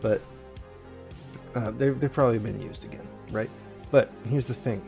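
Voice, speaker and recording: A man's voice: mid-range voice, normal speed, creaky, darkish tone, faint music behind. A man co-hosting a radio show, chatting casually and rambling with lots of fillers, restarts and swearing. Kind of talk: casual chat.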